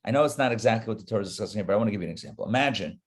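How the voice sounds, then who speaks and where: Speaking very fast in a lowish voice, a male rabbi leads a live Torah class, addressing his listeners directly in a lively, conversational style.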